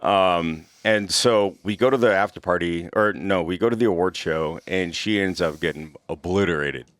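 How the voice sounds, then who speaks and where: A man, a former executive protection agent, telling stories in a casual podcast chat, animated, laughing and swearing freely. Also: deep voice, normal speed, dry recording, clean studio sound.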